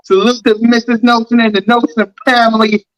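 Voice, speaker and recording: A man's voice: very high voice, little pitch movement, brisk, fairly bright tone, rough recording. A man hosting a sports podcast, ranting heatedly and repeating his points. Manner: fired-up, repetitive ranting. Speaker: podcast host.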